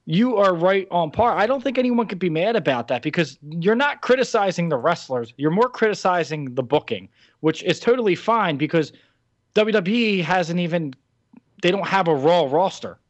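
Speaking at a normal pace, a young New Jersey man with a high, expressive voice co-hosts an easygoing podcast and rants about his opinions. The recording is lo-fi, dull, and dry.

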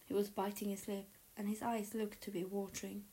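A woman reading a story aloud in a soft, breathy narrating voice. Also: medium pitch, flat delivery, brisk, rough recording. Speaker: audiobook narrator. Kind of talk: reading fan fiction aloud.

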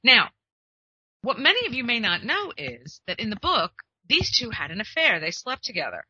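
A woman hosting an advice show in a chatty, emphatic way, acting out the exchanges she recounts. Her voice is very bright and forward, with a husky, breathy edge. The recording is dry and a little muffled. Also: on the high side, huge pitch swings, normal speed, dry recording. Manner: chatty, emphatic, acts out quoted conversations. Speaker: literary agent and podcast host. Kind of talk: casual advice monologue.

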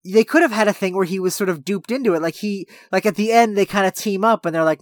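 A podcast co-host talking through a movie in animated, rambling casual chat, leaning on "like" while building an argument. The voice sits close on a very dry mic. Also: mid-range voice, quick pace, few pauses, dry recording. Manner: animated storytelling, heavy use of "like".

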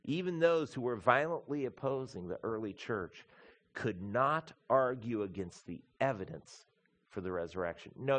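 A man preaching a sermon as pastor, emphatic and building through lists of repeated words, addressing the congregation as folks. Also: fairly low pitch.

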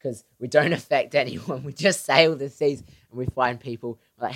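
This young podcast co-host speaks briskly with few pauses, his medium-pitched voice a bit bright, recorded on a podcast microphone with slight background noise. He rambles, cracks silly jokes, and laughs a lot.

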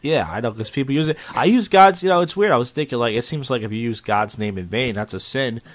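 A young man co-hosting a podcast in casual chat, rambling and halting with many restarts and fillers. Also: mid-range voice. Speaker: podcast co-host.

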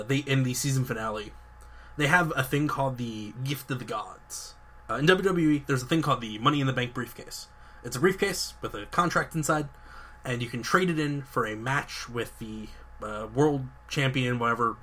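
Young man, podcast host, bright tense voice, eager rambling chat, frequent restarts. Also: mid-range voice, normal speed. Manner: enthusiastic, rambling storytelling with many fillers and restarts. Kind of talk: casual chat.

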